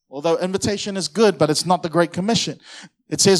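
Energetic preacher guy, pretty high voice, gets the crowd to shout back. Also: fast talker. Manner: energetic, audience call-and-response. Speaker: pastor. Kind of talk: sermon.

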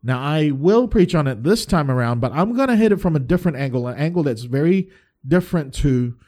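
A man's voice: on the high side, animated, a little fast, dark tone. A man preaching a sermon as a pastor, earnest and emphatic, often restarting his phrases.

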